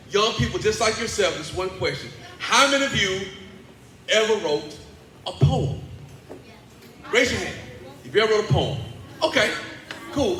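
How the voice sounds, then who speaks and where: A man speaking as a motivational speaker and teaching artist at a school assembly, playful and animated, getting the children to call back to him. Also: high voice. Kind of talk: energetic school assembly talk with call-and-response. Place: large indoor school hall. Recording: echoey hall with faint background noise.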